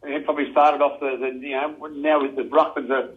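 Heard over a phone line, this relaxed Australian former footballer talks in a casual radio interview with a steady, medium-pitched voice at a fairly quick pace. He keeps saying "mate" and chuckles a lot.

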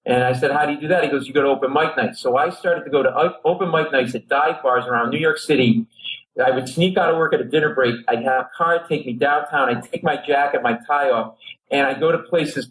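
A man's voice: medium pitch, brisk, rough recording. A middle-aged man from Rhode Island, a comedian guest telling a long story on a talk show and acting out the people in it. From Rhode Island, USA. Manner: lively anecdote teller who acts out other people's voices.

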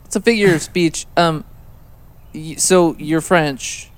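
A man asking deadpan questions in an improvised comedy sketch. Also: fairly high pitch, slow pace, smooth.

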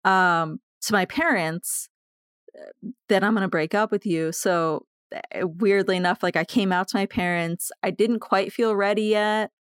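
A woman who is a podcast guest, telling personal stories candidly, animated and laughing between lines. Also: medium pitch, measured pace, clear, resonant tone, no room sound, studio quality. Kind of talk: candid conversational storytelling.

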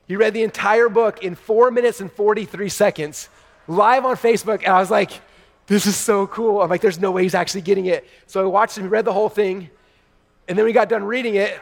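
A man in his thirties giving an energetic keynote to a large live audience, telling stories excitedly and talking to the crowd as "you guys". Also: high voice, in a large hall. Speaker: keynote speaker. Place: large event hall before a live audience.

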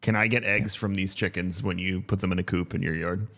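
A man's voice: low voice, fairly even intonation, a little fast, a bit bright. A man in his thirties co-hosting a casual podcast, talking in an easygoing, rambling way with many ums. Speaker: podcast co-host.

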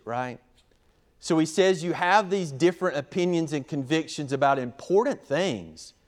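Man, pastor, sermon, somewhat high pitch, animated, voices quotes.

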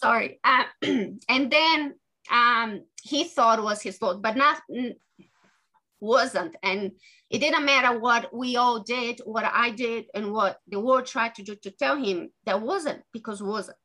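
Speaking as an author in an interview, an earnest woman halts often and begins her sentences again. Her voice, bright and forceful, sits on the high side, though the audio quality is poor.

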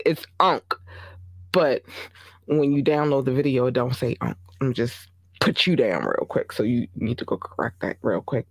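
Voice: mid-range voice, dry recording. Chatty podcast host with a Baltimore accent. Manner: rambling, chatty, many fillers and asides. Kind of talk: casual podcast chat.

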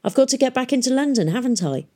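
A woman's voice: sits high, lively intonation, quick pace, dark tone, pitched above the performer's own voice. A woman doing a scornful, scarred teenage girl. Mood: scornful bitter. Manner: blunt, scornful, clipped. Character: scarred, bitter teenage girl, curt and hostile.

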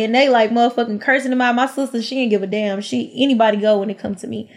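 Animated young woman with a drawl. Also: a little high, fast, hardly any pauses. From Houston, Texas. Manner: animated, acts out quotes, frequent "like" and "um". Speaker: podcast guest storyteller. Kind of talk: casual storytelling chat.

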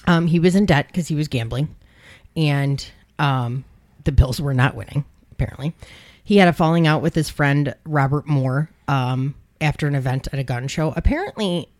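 A woman's voice: deep voice, normal speed, a little mellow. A woman co-hosting a podcast, telling a true-crime story in casual chat, wry and profane. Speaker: podcast co-host; emergency dispatch worker.

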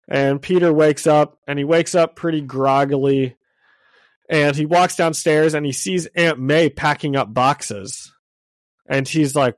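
A man's voice: a little high, unhurried, no echo. A congested man co-hosting a casual comic book podcast, chatty and self-deprecating, often laughing. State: congested from illness. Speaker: podcast co-host.

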